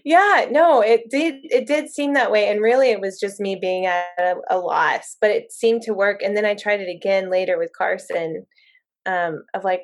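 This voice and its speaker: This thirty-something woman, a mom on a podcast, chats casually and spins animated anecdotes, performing her own lines with laughter. She speaks in a mid-range voice at a normal speed.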